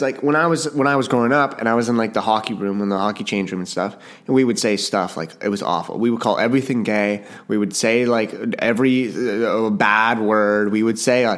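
A male podcast host from Canada talks on his own in a loose, chatty way. His voice sits at an ordinary middle pitch, and he often stops mid-sentence to start over. He jokes at his own expense and keeps apologizing. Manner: rambling and self-deprecating, with frequent restarts; apologetic, jokey. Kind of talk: casual solo podcast chat.

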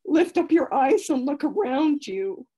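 A woman in a study group reading scripture aloud slowly and with feeling over a video call. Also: high voice, animated, warm tone, rough recording. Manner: slow, careful, heartfelt reading.

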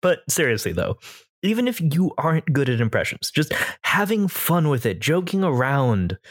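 A man's voice: medium pitch, dry recording, clean studio sound. An American man co-hosting a podcast as a game master, casually explaining voice tips at length. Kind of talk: casual chat.

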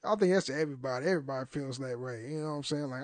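A man's voice: medium pitch, racing, darkish tone, no echo. A young man hosting a solo podcast, rambling and swearing in casual talk, laughing often and restarting his sentences. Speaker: podcast host.

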